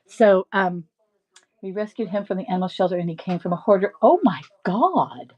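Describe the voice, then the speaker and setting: A middle-aged woman chats her way through a live sale stream, wandering off into long stories. She is animated and laughs often, and her voice sits at a medium pitch. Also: moderate pace, breathy edge, highs cut off. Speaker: live-stream reseller host. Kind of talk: chatty live-selling stream.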